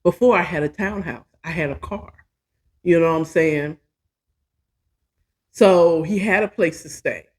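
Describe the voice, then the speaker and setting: A woman with a lowish voice talks a little slowly and pauses often as she hosts her show, sharing a personal story. Her casual monologue is frank, profane and talkative, with plenty of self-mockery.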